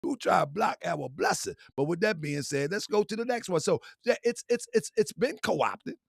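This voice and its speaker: A man hosting an online commentary channel, preaching in a fiery, repetitive way that swings from shouting to quiet, laughing apologies. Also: high voice, lively intonation, moderate pace, creaky, breathy edge, dry recording, clean studio sound. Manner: preachy, repetitive calls and answers. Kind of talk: fiery talking-head rant.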